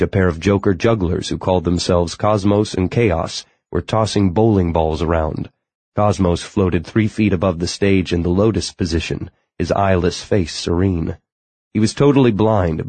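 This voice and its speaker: A man narrating a novel in steady, scripted storytelling. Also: low voice, dry recording. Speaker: audiobook narrator.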